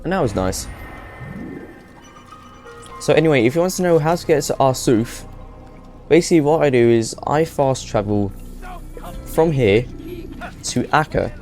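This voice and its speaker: A man's voice: medium pitch, a little mellow. A man giving chatty, rambling let's play commentary and laughing at himself. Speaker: gaming video host. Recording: game music playing behind.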